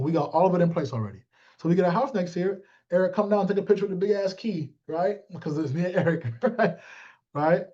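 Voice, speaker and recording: Animated high-voiced man rallying his team. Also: fast, muffled recording. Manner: animated, streetwise, addresses audience by name. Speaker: team leader. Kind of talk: motivational team talk.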